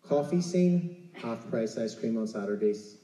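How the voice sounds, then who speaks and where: A man's voice: mid-range voice, expressive, unhurried, dark tone, far from the mic. An Irish man preaching a casual, conversational sermon, chatty and often checking in with "right?". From Ireland. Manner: chatty, keeps asking "right?". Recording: roomy, from off mic.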